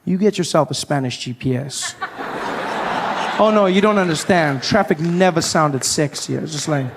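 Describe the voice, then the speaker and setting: A man performing stand-up, his voice sitting a little high for a man. He tells his stories with animated energy, jumping into loud acted-out outbursts. A faint hum of ambience sits under the recording. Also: normal speed. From South Africa. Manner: animated storytelling, acting out scenes with loud outbursts. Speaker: comedian. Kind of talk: stand-up comedy.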